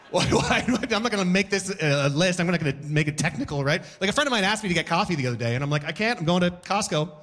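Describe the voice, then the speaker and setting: Animated stand-up comic, lively voice. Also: male voice, high-pitched, rapid-fire, hardly any pauses. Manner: animated, acts out voices with sudden loud outbursts. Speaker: stand-up comedian. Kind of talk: stand-up comedy set. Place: comedy club stage before a live audience.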